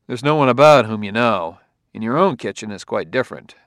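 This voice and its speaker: Man playing wry uneasy detective, gravelly, dry close sound, audiobook reading. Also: mid-range voice, animated, fairly quick, fairly bright tone, dry recording. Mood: reflective.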